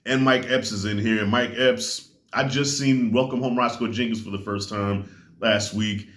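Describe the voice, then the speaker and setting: A middle-aged man giving a casual spoken movie review, talking in an animated way and acting out the people he quotes. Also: on the low side, moderate pace. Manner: animated, acts out quoted voices. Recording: roomy echo.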